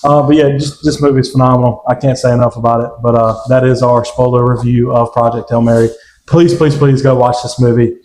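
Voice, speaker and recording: A man's voice: mid-range voice, level tone, a little fast, darkish tone, a little hiss or hum. A young man co-hosting a casual podcast, gushing with enthusiasm. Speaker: podcast co-host. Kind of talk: casual chat. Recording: echoey room.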